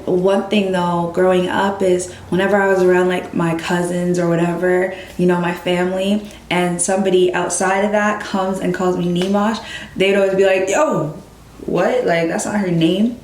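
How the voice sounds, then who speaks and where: A woman's voice: fairly low pitch, moderate pace, slight background noise. A young woman vlogger talking casually to her camera, telling stories and acting out what other people said. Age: young adult. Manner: animated, quotes others in lively voices. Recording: echoey room.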